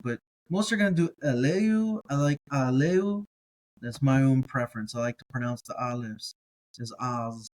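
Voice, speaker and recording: A man teaching a relaxed, casual language lesson, carefully sounding out each word slowly and repeating it, with encouraging asides. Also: on the high side, poor audio. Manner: relaxed, encouraging, thinks aloud with fillers. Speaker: Hebrew teacher.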